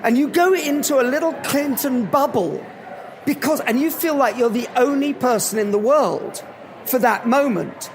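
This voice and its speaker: A man giving a live motivational talk at an event, telling animated anecdotes. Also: very high-pitched, normal speed, a little hiss or hum. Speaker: motivational speaker.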